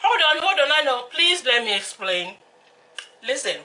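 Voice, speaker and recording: A woman's voice: sits high, big pitch swings, normal speed, sharp tone, a little hiss or hum. A young Nigerian woman hosting an eating show, chatting in a hyper, playful way and slipping into song and Yoruba asides. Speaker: mukbang host. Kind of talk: casual eating-show chat.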